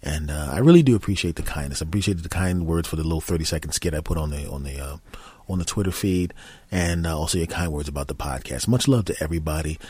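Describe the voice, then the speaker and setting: A man's voice: extremely low pitch, quick pace, a little mellow, breathy edge, no echo. A man hosting his own podcast, joking crudely in a rambling comedic monologue. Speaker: podcast host.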